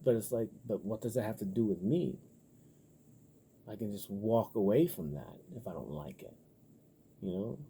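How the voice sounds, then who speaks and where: A man talking in a loose, rambling casual monologue, profane and full of filler words, getting animated when riled up. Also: lowish voice, moderate pace, long pauses, slight background noise. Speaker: vlogger.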